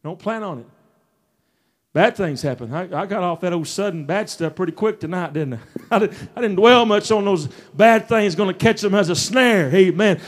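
A man preaching a fervent revival sermon, swinging between shouts and hushed asides. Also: sits high, expressive, moderate pace. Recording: taped sermon.

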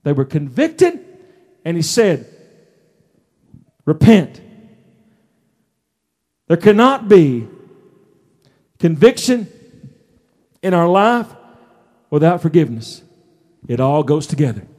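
A middle-aged man preaching a folksy, emphatic sermon in a church, his voice rising into shouts. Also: on the high side, sing-song, measured pace, long pauses. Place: church sanctuary.

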